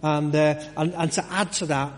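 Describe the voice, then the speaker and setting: A man's voice: fairly high pitch, steady tone, normal speed, long reverb tail. A man giving a conversational sermon, full of restarts and rhetorical questions. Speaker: preacher. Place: church.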